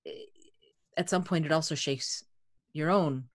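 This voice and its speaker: Woman, podcast host, deep voice, reflective, repeats points for emphasis, dry close sound. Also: no echo. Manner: reflective, emphatic repetition, builds questions slowly. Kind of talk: casual interview chat.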